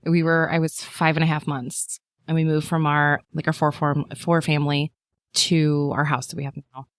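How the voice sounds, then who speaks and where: A woman in her thirties, a podcast guest telling her birth story in a chatty way, with lots of fillers and lively quoting of people. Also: sits low, moderate pace, no echo, studio quality. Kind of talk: casual chat.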